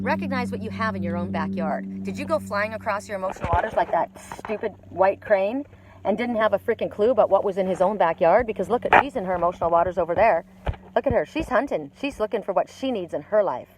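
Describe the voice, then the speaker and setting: A woman's voice: medium pitch, background noise. A woman doing a live oracle card reading outdoors by a lake, chatty and blunt, swearing casually.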